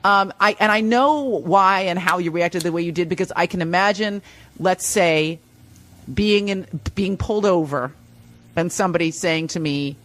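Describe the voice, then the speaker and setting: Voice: medium pitch, moderate pace, fairly bright tone. A conversation partner speaking in a reflective, casual way, thinking aloud, restarting sentences and often agreeing. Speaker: interviewer.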